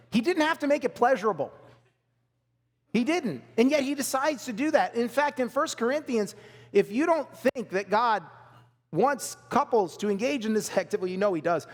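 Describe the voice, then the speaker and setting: High-voiced male pastor in a hall. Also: sing-song, fairly quick. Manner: conversational, reads scripture aloud, asks the audience "okay?". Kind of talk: sermon. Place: church hall. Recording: long hall reverb.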